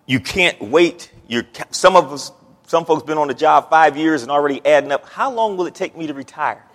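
A man's voice: fairly high pitch, expressive, a little fast, a bit bright. Preaching man in a reverberant church. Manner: rising to emphatic peaks, repeats words. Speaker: pastor. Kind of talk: sermon. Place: church sanctuary.

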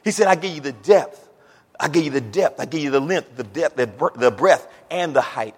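A pastor with a fairly high voice preaches in a church, and his words ring out with a long hall echo. He tells folksy stories and repeats words as he goes, and his voice builds from quiet reading to loud, fervent preaching. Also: expressive, normal speed, breathy edge. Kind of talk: sermon.

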